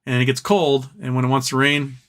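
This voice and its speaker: A man's voice: mid-range voice, little pitch movement, brisk, a bit bright. Profane rambling livestream host, man. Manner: rambling, profane, chuckles at own jokes. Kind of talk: casual late-night livestream chat.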